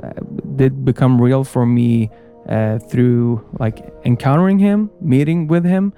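A young man, a guest on a radio show, answering questions hesitantly with many pauses and fillers. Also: mid-range voice, mellow, faint music behind. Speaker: guest musician. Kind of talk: interview answer.

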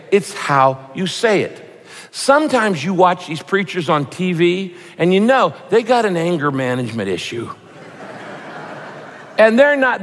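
A pastor preaching a sermon in a conversational, humorous way, sometimes putting on voices to make a point. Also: male voice, a little high, a bit bright. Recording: reverberant hall.

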